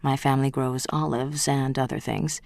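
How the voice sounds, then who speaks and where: An audiobook reader voicing a charming, smooth-talking heir, teasing and unhurried. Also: mid-range voice, flat delivery, a little mellow, no echo, lightly acted.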